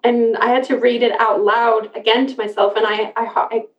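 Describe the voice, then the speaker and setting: A woman hosting a casual podcast conversation, chatty and quick to laugh, often restarting her sentences. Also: fairly high pitch, level tone. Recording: roomy, distant, dull sound.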